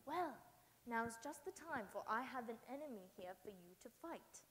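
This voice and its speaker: A woman doing a gentle old parson. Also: animated. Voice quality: soft, lowered and measured. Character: kindly old male parson, calm and gentle. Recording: reverberant hall.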